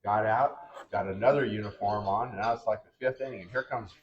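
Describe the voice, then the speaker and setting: An older man, a retired baseball pitcher, telling his career stories in casual chat and acting out the lines of the people in them. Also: fairly quick. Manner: animated, acts out other people's lines in quotes. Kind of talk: casual storytelling. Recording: dull lo-fi sound.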